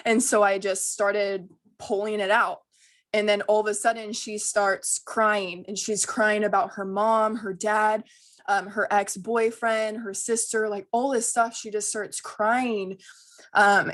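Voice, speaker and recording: A woman's voice: mid-range voice, fairly bright tone. A young woman, a guest energy healer, telling a personal story in a chatty way with many ums and light laughs. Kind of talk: casual storytelling.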